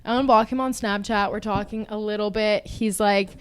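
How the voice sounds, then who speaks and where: A woman's voice: mid-range voice, moderate pace, few pauses, clear, resonant tone. A young woman in her twenties co-hosting a podcast, telling a story in casual chat and acting out the people in it. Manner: animated, acts out voices while telling stories. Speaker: podcast co-host.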